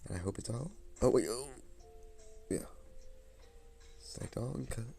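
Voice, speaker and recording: A man's voice: medium pitch, lively intonation, a little slow, vocal fry, mellow, faint music behind. A man live-streaming from his phone, rambling and muttering to himself as he fiddles with settings.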